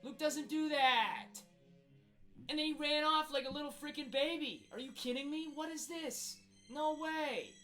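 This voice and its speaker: A man's voice: extremely high pitch, unhurried, pushed and bright, soft background music, heavily acted, rough recording. A man playing an exaggerated angry version of himself in a comedic rant, exasperated and full of rhetorical questions. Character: hot-tempered young man, exaggerated angry self. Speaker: video creator.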